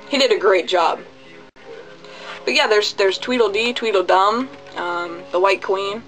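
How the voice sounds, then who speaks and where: A man's voice: high-pitched, moderate pace, a bit bright, faint music behind, poor audio. A man giving a casual spoken movie review, chatty, goofy and full of profanity. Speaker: video reviewer.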